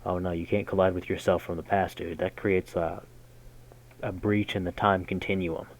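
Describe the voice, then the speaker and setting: A man reading a game's story text aloud in a measured way, breaking in with casual, slangy jokes as a gaming host. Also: low voice, flat delivery, a little hiss or hum, rough recording. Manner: measured narration broken by casual slangy comments. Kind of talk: reading game text aloud with jokey asides.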